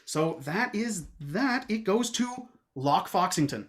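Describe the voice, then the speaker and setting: A woman running a tabletop game as game master, narrating in an animated way and laughing often. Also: medium pitch, slow.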